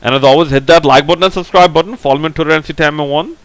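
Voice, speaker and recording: Man, casual film review, smooth clear voice, dry close sound, rambling, lots of fillers, blunt opinions. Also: on the high side, very fast, fairly bright tone, dry recording, rough recording. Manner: rambling, heavy on fillers like "like, you know". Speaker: movie review vlogger.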